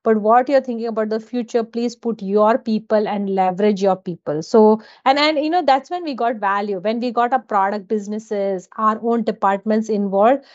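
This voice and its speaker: A woman's voice: a little high, normal speed, hardly any pauses, a little mellow. A woman from India, a guest telling stories in a casual interview and laughing often between phrases. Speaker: guest, data executive. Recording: dull lo-fi audio.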